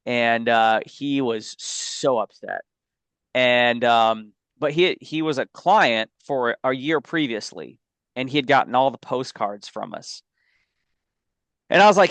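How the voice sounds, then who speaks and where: A man speaks with emphasis in a casual business podcast, weaving stories and asides. His voice is smooth and clear at a middle pitch. The recording is dry and close, with no room sound. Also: lively intonation, slow, a bit bright, no echo. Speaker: life insurance agent and co-host.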